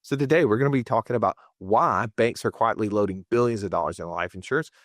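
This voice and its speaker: A man's voice: fairly low pitch, fast, dry recording, clean studio sound. A man with a Montgomery, Alabama accent, hosting a podcast about money and speaking emphatically and rhetorically. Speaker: podcast host. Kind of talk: podcast talk on finance.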